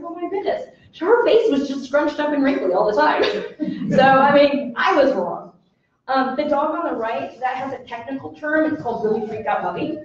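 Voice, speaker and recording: A woman dog trainer lecturing a live audience, lively and acting out voices of dogs and people. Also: high-pitched, a little hiss or hum. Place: presentation room with audience. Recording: echoey room, mic from far off, dull sound.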